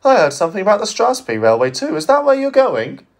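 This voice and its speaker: A man voicing a chirpy, nonchalant small male diesel shunter in a high, put-on voice in a fan story reading. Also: huge pitch swings, fast, heavily acted.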